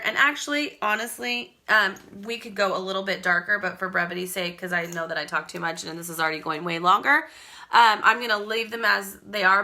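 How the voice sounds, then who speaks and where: A woman's voice: mid-range voice, sharp tone. A woman chatting casually through a live makeup tutorial at home, rambling and greeting viewers by name. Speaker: makeup seller demonstrating products.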